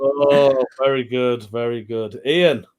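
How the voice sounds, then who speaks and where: A man hosting an online pun contest in a relaxed, casual way over a video call. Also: mid-range voice, takes it slowly.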